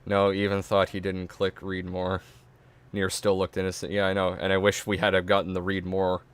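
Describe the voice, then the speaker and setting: A man's voice: deep voice, monotone, normal speed, clean tone. A young man hosting a casual reaction podcast, mocking and swearing often. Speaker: podcast host.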